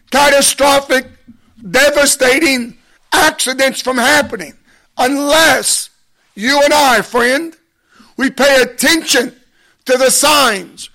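A man delivers a sermon in a strikingly high voice, taking his time with long, deliberate pauses. He speaks with emphasis and builds into impassioned appeals, with a bright, forceful edge to his voice. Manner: measured, emphatic preaching with deliberate pauses, rising to impassioned exhortation. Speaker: preacher.

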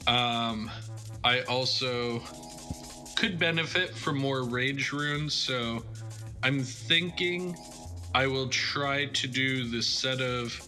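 A man's voice: mid-range voice, slow pace, sharp tone, faint music behind. A man co-hosting a casual gaming chat, joking and asking rambling questions. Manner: jokey, self-deprecating, asks long questions. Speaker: co-host.

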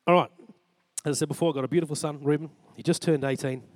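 Quick-paced and fairly high-pitched, with rather even intonation and no echo, the Australian preacher in his forties shares a personal story from the church pulpit. He tells it earnestly, voicing both himself and God in dialogue.

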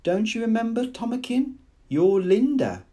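A man putting on a faded middle-aged woman in a storybook reading, pitched well above his own low, mellow voice and pushed up into shrill, pleading cries. She begs and clings. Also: very animated, moderate pace.

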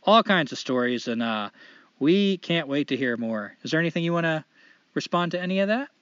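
A man with a fairly high voice hosts a casual podcast, his pitch swinging widely as he tells jokes and stories. He laughs easily and builds to loud punchlines. The sound is dry and a little muffled. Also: brisk, no echo. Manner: animated storyteller, joking and laughing. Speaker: podcast host.

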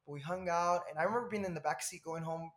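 A man telling an animated personal story, high-voiced. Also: quick pace. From Southern California. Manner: animated, laughs often, rambling asides. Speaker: podcast guest.

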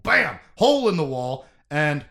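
A man co-hosting a casual book chat, recapping scenes in an animated, joking way. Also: a little high, a little slow, creaky. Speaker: podcast co-host.

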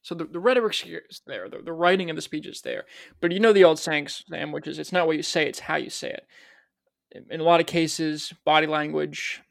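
A man's voice: on the high side, steady tone, brisk, vocal fry, dry recording, studio quality. A man co-hosting a podcast, talking casually and prompting his partner with questions. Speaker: podcast co-host. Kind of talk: conversational podcast talk.

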